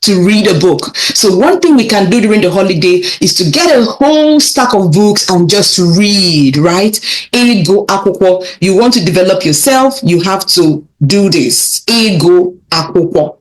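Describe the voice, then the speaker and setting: A young woman teaching children vocabulary, repeating words slowly and encouraging them as she goes. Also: medium pitch, expressive. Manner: repeats phrases slowly, encouraging, laughs lightly. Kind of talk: slow, clear vocabulary lesson for kids.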